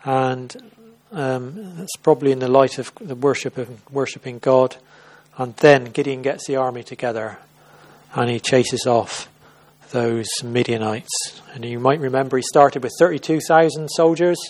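A preacher with a medium-pitched, darkish voice speaks unhurriedly during a church service. His sermon is informal, retelling a Bible story in a conversational manner with many restarts and repeated words.

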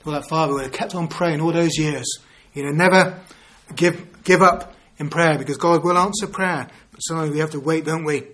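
Male preacher, 50s, earnest sermon delivery with rhetorical questions, slightly higher voice. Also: steady tone, fairly quick, hardly any pauses, fairly bright tone. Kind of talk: evangelistic sermon.

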